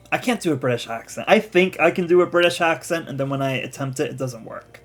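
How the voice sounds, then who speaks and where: A man's voice: on the high side, expressive, quick pace, hardly any pauses, soft background music. A man giving casual gameplay commentary as a let's play streamer, chatty and laughing often.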